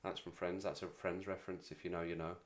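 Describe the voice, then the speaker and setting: A man's voice: low-pitched, level tone, fast. A man in his forties hosting a casual livestream chat, rambling and self-deprecating as he talks to viewers. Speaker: livestream host.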